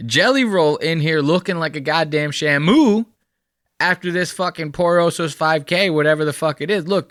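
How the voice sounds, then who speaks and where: A man's voice: fairly high pitch, bright, forceful tone, dry recording, studio quality. A man hosting a podcast, giving a mocking, profane reaction commentary on clips. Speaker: podcast host.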